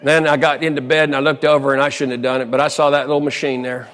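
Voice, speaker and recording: A motivational speaker delivers a keynote to a live audience in a big hall, telling a funny, animated story that turns quiet and earnest. His mid-range voice moves at a quick pace. Long reverb from the large venue fills the recording, with slight background noise.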